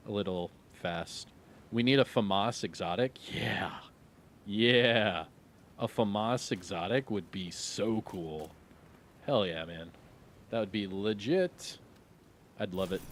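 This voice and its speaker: A man's voice: lowish voice, a little hiss or hum. A middle-aged man streaming live, chatting casually and reading viewer questions, laid-back and rambling with lots of fillers.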